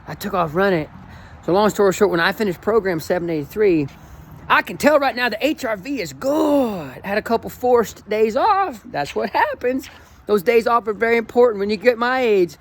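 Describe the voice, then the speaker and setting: A man's voice: high-pitched, lively intonation, moderate pace. A man in his forties, a running coach, talking in an enthusiastic, emotional and rambling way in a casual motivational vlog. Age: 40s.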